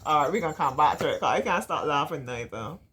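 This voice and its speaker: A woman's voice: deep voice, lively intonation, fast, a bit bright, slight background noise. A middle-aged woman with a Barbadian accent reading a storybook aloud to children, playful and often laughing, with chatty dialect asides.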